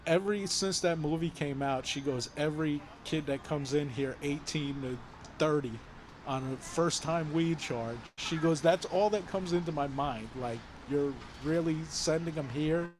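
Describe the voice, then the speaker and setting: A fairly high-voiced man tells his story in a relaxed, chatty way, full of energy. He acts out what the other people said and swears freely. There is a faint hiss of outdoor noise behind him. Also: moderate pace. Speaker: guest telling his story. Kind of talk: casual chat.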